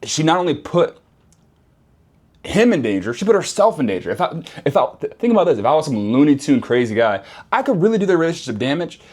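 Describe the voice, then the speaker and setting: A man speaks straight to camera in a relaxed, slang-heavy storytelling voice. His pitch jumps around a lot as he gets worked up, and he keeps circling back to repeat his points. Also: fast talker. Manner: animated, slangy, repeats phrases for emphasis. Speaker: vlogger. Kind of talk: casual storytelling monologue.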